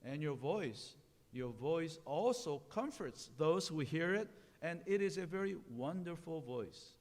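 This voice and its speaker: A man doing a gentle, wise old owl. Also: fairly high pitch, lively intonation, measured pace. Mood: soothing. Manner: gentle, firm, soothing. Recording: long hall reverb.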